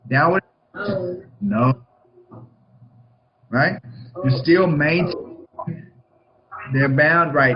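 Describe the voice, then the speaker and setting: A high-voiced man coaching a team on negotiation, emphatic and punchy. He keeps checking in with a quick "right?" after almost every point. The recording sounds a bit dull and lo-fi. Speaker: real estate broker hosting a coaching session. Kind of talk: coaching talk on a book chapter.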